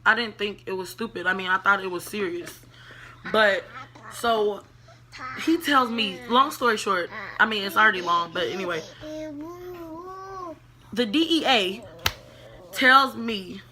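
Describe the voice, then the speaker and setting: A woman vlogger telling a casual storytime, animated and chatty, talking straight to her viewers and dropping to whispers when she quotes herself. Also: mid-range voice, measured pace, pauses often, a crowd in the background. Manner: profane, chatty, addresses viewers as y'all.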